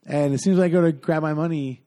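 A man with a somewhat high voice tells a long story in a casual podcast chat. He rambles, filling his sentences with fillers, and acts out what people said to him. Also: fairly even intonation, fast, mellow. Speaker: guest telling a story.

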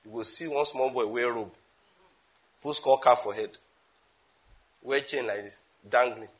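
A man with a Nigerian accent preaching a sermon emphatically, with sudden loud bursts and asides in Nigerian Pidgin. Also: mid-range voice, measured pace.

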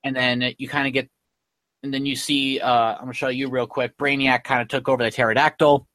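With a mid-range, level, slightly bright voice, a male podcast host talks briskly in a recording free of room sound. His casual chat recapping a comic rambles, loaded with filler words such as "like" and "um."

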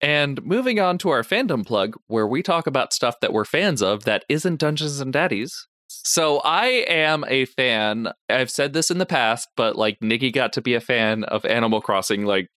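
Jokey male podcast co-host, lively voice, bright tone, dry close sound. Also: medium pitch, moderate pace, no echo. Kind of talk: casual chat.

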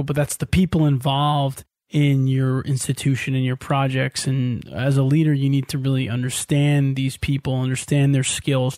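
A man hosting a podcast, asking questions and summarizing points in a clear, friendly way. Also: mid-range voice, a little mellow, no echo, clean studio sound. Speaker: podcast host.

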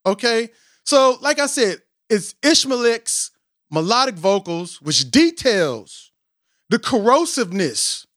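A man hosting a podcast in a casual, animated way, mocking himself as he tries to rap and then explaining with preacherly emphasis. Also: very high voice, slow pace, no room sound, studio quality. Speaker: podcast host. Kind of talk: casual podcast intro with attempts at rapping.

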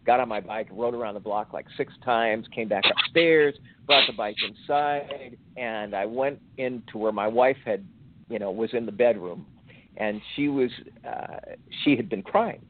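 An older man in his sixties shares a personal faith story, pausing often and circling back with fillers. His voice sits at an ordinary middle pitch. The sound is narrow and tinny, like a phone line. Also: noisy background. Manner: slow, reflective, halting with fillers. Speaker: podcast guest.

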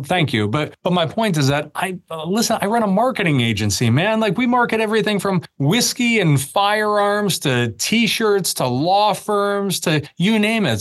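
A man talking as a guest on a podcast interview, fervent and rallying, building to emphatic declarations. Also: on the high side. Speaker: podcast guest, media company owner. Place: office with a whiskey wall.

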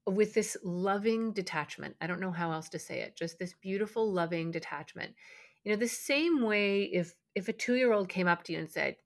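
A calm, reflective woman hosts a parenting podcast, pausing on fillers and circling back to restart her sentences. Her voice sits a little low and carries a noticeable gravelly fry. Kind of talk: casual podcast talk.

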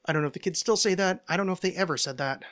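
A man's voice: high-pitched, rapid-fire, fairly bright tone. A man from the United States hosting his own podcast, talking alone into a microphone in a rambling, self-deprecating way with wry asides. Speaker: podcast host. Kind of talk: solo casual monologue. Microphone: home podcast microphone.

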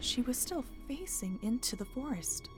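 A woman telling a first-person story in a calm, measured narration. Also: high-pitched. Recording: music bed under the voice.

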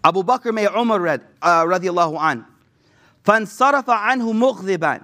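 A man's voice: high voice, lively intonation, rapid-fire, pushed and bright. A man giving a casual sermon, retelling stories in slangy everyday speech with acted quotes. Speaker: Islamic preacher.

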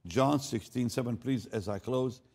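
An older man preaching in a mid-range voice at normal speed tells a story from the pulpit. His delivery moves between quiet asides and loud, emphatic statements, with words often repeated as he goes.

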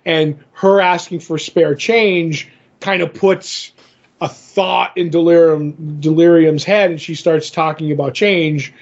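A man's voice: on the high side, steady tone, slow. A man co-hosting a casual comic book podcast, rambling and retelling scenes in quoted voices. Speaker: podcast co-host. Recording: dull lo-fi podcast audio.

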